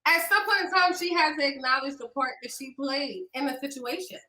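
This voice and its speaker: A woman's voice: high voice, fairly quick, sharp tone, low-quality recording. A woman hosting a podcast in casual chat, talking loosely with many ums and restarts. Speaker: podcast host.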